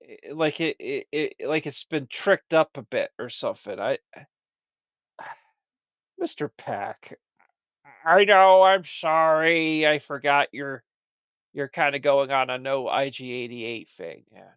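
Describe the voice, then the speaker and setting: A man's voice: mid-range voice, slow pace, a bit bright, clear, resonant tone, no echo. A man hosting a comedic show, rambling and stammering as he chats. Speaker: show host. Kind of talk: comedic podcast chat. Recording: dull, lo-fi dry recording.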